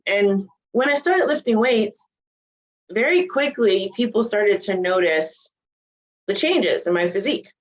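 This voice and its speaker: A woman in her forties telling her story in a casual interview, animated and laughing often. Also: mid-range voice, unhurried, poor audio. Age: 40s. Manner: animated, laughs often, acts out quoted voices. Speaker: guest, bodybuilding coach.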